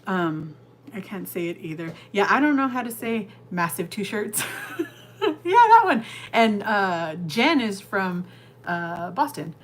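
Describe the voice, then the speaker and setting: A woman's voice: mid-range voice, lively intonation, a little slow, fairly bright tone, a little hiss or hum. A woman from California hosting a live stream, chatting casually and rambling as she answers viewers' comments from her kitchen. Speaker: livestream host. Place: home kitchen.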